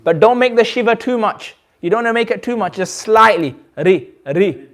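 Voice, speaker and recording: British guy teaching recitation, kinda high voice, patient, says every sound over and over, keeps asking "okay?". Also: brisk, fairly bright tone. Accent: British English. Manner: patient, repeats and demonstrates sounds, checks understanding often. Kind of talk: classroom tajweed lesson.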